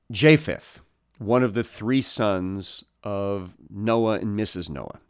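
A man giving a Bible teaching talk, speaking deliberately with many pauses and "uh" fillers, and explaining the origins of words. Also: mid-range voice, clear, resonant tone, no room sound, studio quality. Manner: explains word origins, corrects himself mid-sentence.

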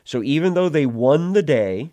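A man preaching an expository sermon, retelling the passage verse by verse in a measured, explanatory way. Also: on the high side, animated, mellow, dry recording.

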